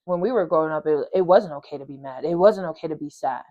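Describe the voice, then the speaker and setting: An earnest woman hosts a podcast in a lower voice and thinks aloud casually, with many fillers and restarts. Her recording sounds muffled and lo-fi. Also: fast talker, mellow. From Polynesian community. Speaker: podcast host. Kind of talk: reflective casual talk.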